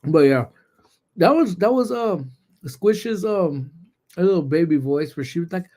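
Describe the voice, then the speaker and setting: A young man hosting a casual livestream from a laptop, chatting with viewers in relaxed slang. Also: fairly high pitch, a little slow. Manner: laid-back, slangy, greets chat viewers. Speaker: livestream host. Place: indoors at work.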